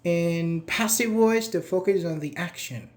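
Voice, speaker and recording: Leading a live grammar lesson, this male English teacher speaks at normal speed in a loose, conversational way, quizzing his students. His voice is a bit higher than the typical man's, and he praises students by name as they answer.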